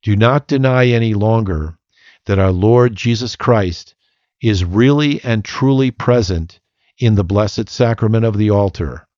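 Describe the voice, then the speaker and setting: A man's voice: on the low side, measured pace, darkish tone, no room sound, natural voice. A man voicing a commanding older male priest in a read-aloud story, on a slightly muffled recording.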